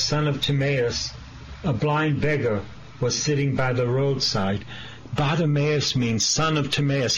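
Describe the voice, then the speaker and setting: A man preaching a sermon as a priest, slow and earnest, pressing his listeners with direct questions. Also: medium pitch, fairly bright tone, a little hiss or hum, rough recording.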